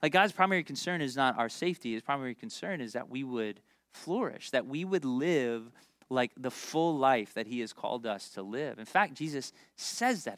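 A pastor from Memphis preaching a conversational sermon, joking and talking straight to the congregation. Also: male voice, mid-range voice, a bit bright, no room sound, studio quality. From Memphis, United States. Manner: conversational and joking, with asides to the crowd.

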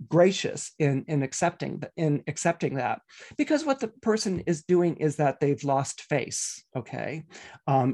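A man's voice: fairly high pitch, a little mellow, breathy edge. A middle-aged man giving a weekly horoscope talk as an astrologer, chatty and full of fillers and restarts.

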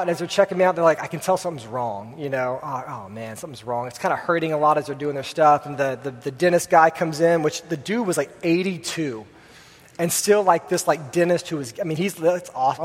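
A young man preaching a sermon in a church, telling a story casually with many fillers. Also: on the high side. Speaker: pastor. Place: church hall with congregation. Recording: long hall reverb.

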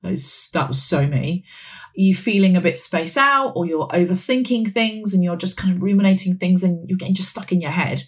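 A woman around forty, hosting a wellness podcast in a chatty, rambling way with frequent laughs. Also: fairly low pitch. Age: 40s. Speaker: podcast host. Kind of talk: casual wellness podcast chat.

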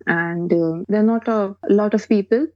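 A woman's voice: medium pitch, steady tone, normal speed, dry recording, dull audio. A woman with a Pakistani accent, a podcast guest, talking hesitantly and restarting her phrases. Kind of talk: casual interview chat.

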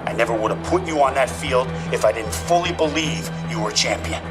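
A firm football coach, played by an actor, tells his quarterback he believes in him. His mid-pitched male voice carries over loud film music. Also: animated, fairly quick, close to an everyday voice. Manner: firm, encouraging. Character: gruff football coach giving a pep talk.

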